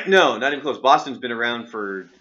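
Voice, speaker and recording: A man's voice: mid-range voice, big pitch swings, moderate pace, vocal fry, sharp tone. A man from Oregon hosting a radio show, teasingly quizzing his co-host in casual banter. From Oregon, USA. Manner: playful, teasing quizmaster.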